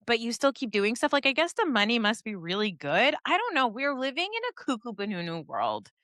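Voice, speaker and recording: Woman podcast guest, bright and tense tone, blunt opinions, dry mic. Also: fairly high pitch, big pitch swings, no room sound. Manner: opinionated, quick reactions, casual swearing. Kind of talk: casual podcast chat.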